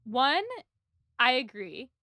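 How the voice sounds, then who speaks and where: A chatty woman co-hosts a casual book podcast, recapping chapters with lots of "like" and quick laughs. Her voice is bright and forward, recorded close and dry. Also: fairly high pitch, lively intonation, no echo. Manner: chatty, laughing, many likes. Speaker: podcast co-host.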